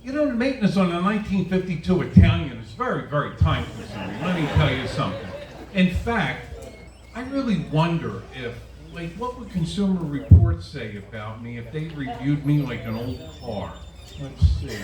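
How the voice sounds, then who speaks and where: A man in his sixties performs a self-deprecating stand-up set for a live winery crowd, his voice on the high side and sing-song at a moderate pace. A camera on a tripod at the back of the echoey room catches him from afar, with audience noise in the mix.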